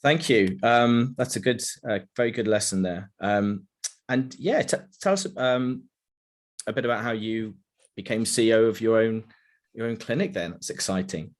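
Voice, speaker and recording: A man with a very low voice hosts a conversational interview. He affirms his guest often and looks for his words with fillers and restarts, keeping the talk easy and unhurried. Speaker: podcast host.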